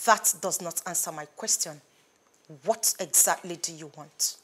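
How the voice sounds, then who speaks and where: A woman's voice: lowish voice, measured pace, bright, forceful tone. An actress playing a scheming, obsessed young woman who speaks sharply and defiantly.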